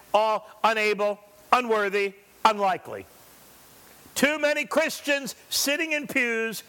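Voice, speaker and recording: A man's voice: sits high, fairly bright tone. A male pastor preaching a sermon, driving his points home with rhetorical questions and briefly acting out the voices of scripture figures.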